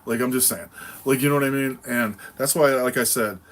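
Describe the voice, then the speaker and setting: A man's voice: mid-range voice, brisk, a bit bright. A man from New England hosting a casual livestream, chatting with viewers in a laid-back, profane, rambling way with lots of fillers and laughter. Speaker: livestream host. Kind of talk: casual livestream chat answering viewer comments.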